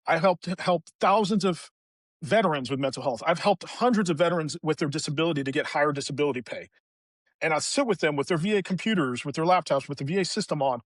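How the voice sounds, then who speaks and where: A man speaks as a podcast guest, telling stories in a relaxed, animated way. He slips into the voices of the people he quotes. His voice sits a little high, and the recording is close and dry with no room sound. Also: no room sound. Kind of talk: casual conversational storytelling.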